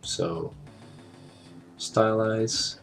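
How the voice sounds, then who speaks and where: A man walking through an animation software tutorial in a casual, think-aloud way, with fillers and small jokes. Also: on the low side, fairly even intonation, very slow. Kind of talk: screen-recorded software tutorial narration. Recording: clear background music under the voice.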